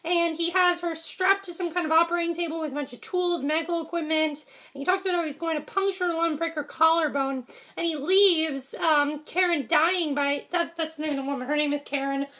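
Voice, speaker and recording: A young woman casually reviewing a TV episode, rambling with frequent ums, self-corrections and quick apologies. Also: very high-pitched, steady tone, bright, forceful tone.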